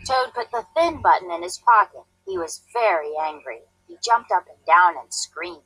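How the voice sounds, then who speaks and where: A woman teacher reading a storybook aloud to a class, clear, deliberate and expressive. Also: lowish voice, no echo, low-quality recording.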